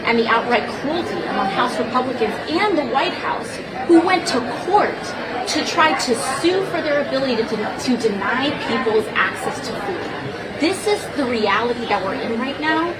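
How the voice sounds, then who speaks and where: Congresswoman in a noisy crowd. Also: a little high. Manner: earnest, measured, repeats herself while thinking. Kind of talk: press interview answers. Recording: distant mic, loud crowd noise.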